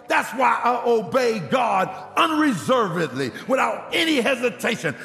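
A man preaching a sermon as a pastor, telling a story in an animated way and acting out the people he quotes. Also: very high-pitched, moderate pace, creaky, few pauses, soft background music, a faint crowd. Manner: animated, acts out quotes, laughs. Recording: long hall reverb.

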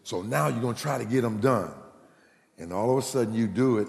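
A man's voice: brisk, creaky. A male preacher delivering a humorous, folksy sermon, telling stories and acting out the people in them. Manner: folksy, animated, jumps into high voices for quoted characters. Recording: echoey hall.

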